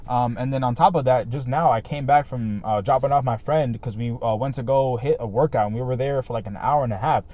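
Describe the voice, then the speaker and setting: An earnest man vlogging in a loose, rambling way, leaning on "like" and "right?" as he thinks aloud. His voice sits at an ordinary middle pitch, and his talk stays casual and sincere. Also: fairly quick, hardly any pauses, mellow. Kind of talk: casual reflective talk to camera.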